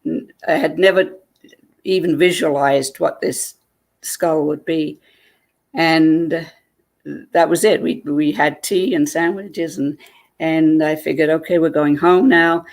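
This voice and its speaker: A woman, a guest, telling a personal story in a lively way and acting out what people said. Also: sits low, slow pace, gravelly, long pauses.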